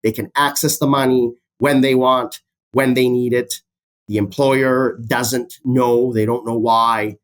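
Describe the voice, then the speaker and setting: A man, a business professor explaining his ideas as a podcast guest in a steady way, citing many figures. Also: medium pitch, measured pace. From Canada. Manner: steady, fact-heavy, cites statistics, repeats key phrases.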